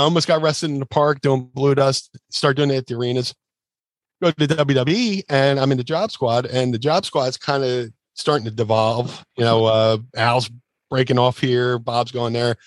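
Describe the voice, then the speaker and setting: A man at an ordinary middle pitch spins a loose, rambling anecdote, full of fillers and restarts. He jumps into other people's voices when he quotes them. The sound is dry and close, with no room around it. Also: no room sound. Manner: animated storyteller, acts out quotes in shifting voices. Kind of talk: casual anecdote telling.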